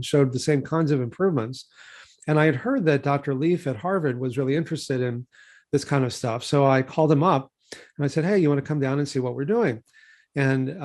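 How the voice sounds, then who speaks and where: A man in his sixties from Texas, a physician telling stories from his career in a relaxed conversational way, full of fillers and restarts. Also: medium pitch. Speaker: physician and researcher. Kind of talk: conversational interview storytelling.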